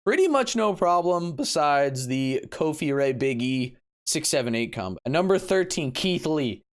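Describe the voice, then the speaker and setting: Excitable guy recapping a wrestling show. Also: moderate pace. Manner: excitable, swings between low mumbles and sudden yelps. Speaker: wrestling vlogger. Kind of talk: casual event recap.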